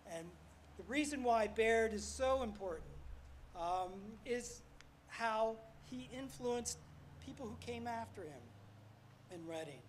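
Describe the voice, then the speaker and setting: A man's voice: very high voice, expressive, slow pace, slight background noise, rough recording. An older man giving a ceremony speech outdoors, telling wry, self-deprecating stories about his club. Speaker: ornithology club past president speaking at a ceremony. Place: outdoor street-corner ceremony.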